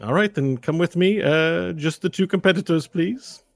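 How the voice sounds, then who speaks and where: A man's voice: on the high side, moderate pace, creaky, dry recording, pitched above the performer's own voice. A man voicing a formal male arena escort who ushers competitors politely. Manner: polite, officious.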